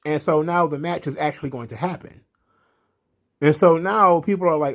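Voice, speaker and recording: Dude recapping wrestling, sarcastic and blunt, cusses a bunch, casual chat. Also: male voice, on the high side, moderate pace. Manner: candid, sarcastic, swears often. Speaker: wrestling commentary host.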